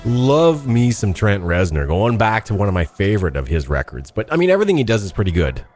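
A middle-aged man with a fairly low voice co-hosts a podcast over a Skype call. He talks in a loose, rambling way, restarting sentences and laughing easily, and his pitch moves a lot. Music plays clearly behind him. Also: very animated, a little fast, darkish tone. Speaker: podcast co-host. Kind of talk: casual chat. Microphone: talking over Skype.

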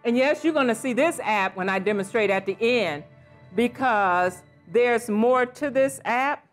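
A woman in her sixties giving a lively, playful conference presentation with exclamations and asides. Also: a little high, unhurried, faint music behind. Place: conference session room.

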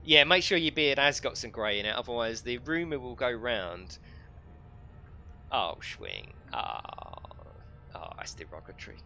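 Bright and forceful in tone, this middle-aged man's mid-range voice carries a jokey live game stream where he chats with his audience, reads messages aloud, and laughs often. There's a faint hiss or hum in the audio.

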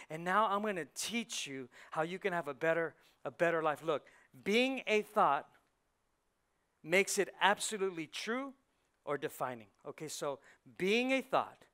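A male pastor delivers a lively sermon in a church, his voice sitting high for a man. He fires rhetorical questions at the congregation and slips into the voices of the thoughts in people's heads, swinging between hushed asides and loud, pushed lines. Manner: animated preaching, acting out inner voices, rhetorical questions. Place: church sanctuary.

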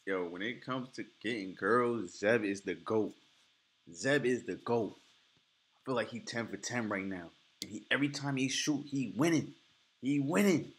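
Brief: male reaction host, hype-man energy, slangy, noisy background, mid-pitched. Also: measured pace. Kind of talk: casual reaction commentary.

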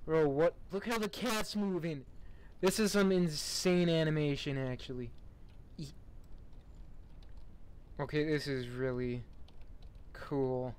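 A man's voice: a little high, fairly even intonation, slow pace, long pauses, a little mellow, slight background noise. A young man giving casual, sarcastic commentary while playing a game, mocking what he sees and laughing in bursts. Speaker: gamer.

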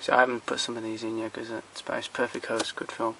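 A man's voice: mid-range voice, monotone, fairly quick, vocal fry, bright, forceful tone, slight background noise. A man walking through his film collection at home in a casual, rambling way, blunt and opinionated, swearing freely and trailing off between titles, recorded on a handheld camera.

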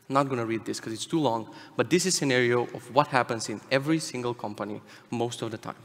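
A man's voice: medium pitch, fairly bright tone. Irreverent man on a hall stage. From Macedonia. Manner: irreverent, fast, profane, jokey. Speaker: conference speaker. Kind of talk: casual conference talk. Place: large conference hall. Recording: reverberant conference hall.

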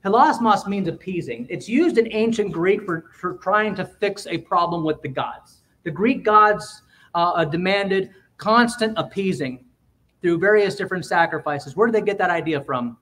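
A man preaching a sermon in a church, emphatic, with quick asides and swings between loud and quiet. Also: high-pitched. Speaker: pastor.

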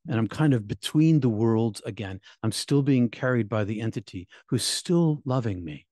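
A middle-aged man and minister recounting his near-death experience in an emotional, halting way, repeating words, his voice climbing high at painful moments. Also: animated, warm tone, dry recording, studio quality. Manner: halting, repeats words, voice rising high when reliving pain. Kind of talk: emotional personal storytelling.

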